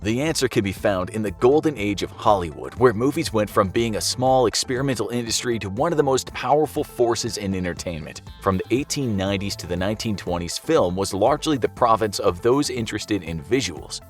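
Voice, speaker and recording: A man narrates a scripted explainer in a slightly low voice, chatty and fond of rhetorical questions. Soft music plays faintly beneath him. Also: expressive, brisk, hardly any pauses. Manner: conversational, asks rhetorical questions. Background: soft background music.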